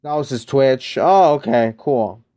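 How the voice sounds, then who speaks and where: An American man hosts a laid-back live game stream, chatting with viewers, greeting them by name and wandering through rambling asides. His voice is smooth, clear, mid-pitched and mellow, unhurried, and close to a desk mic.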